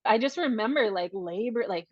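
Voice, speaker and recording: Speaking a little fast in a fairly high pitch, this woman is a guest on a podcast sharing a personal story over casual talk. She animatedly acts out the lines of the people in her story; there is no room sound, and the audio is dull and dry.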